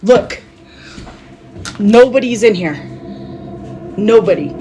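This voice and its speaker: A woman's voice: medium pitch, lively intonation, takes it slowly, mellow, slight background noise, rough recording. A middle-aged mother filming inside her house on a phone, scared and teary, talking in a panicky rush and repeating herself. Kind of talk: amateur home video. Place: house, indoors, upstairs hallway and rooms. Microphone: handheld phone camera.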